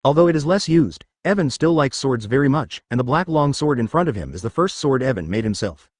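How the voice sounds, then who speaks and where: Fast, lively male audiobook narrator. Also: mid-range voice, no echo, studio quality.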